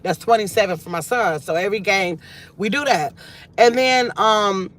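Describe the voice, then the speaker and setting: Speaking at a moderate pace with a medium, slightly bright voice, a middle-aged grandmother chats live from her car. She rambles and reflects as she reads out comments from viewers.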